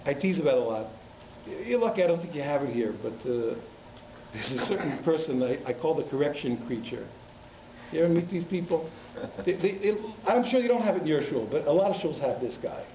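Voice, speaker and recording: A man's voice: on the high side, lively intonation, a little fast, dark tone, a little hiss or hum. A man, a rabbi, giving an informal Torah class to a congregation, talking in a conversational way with teasing asides to the audience. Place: synagogue hall. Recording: echoey hall, slightly muffled.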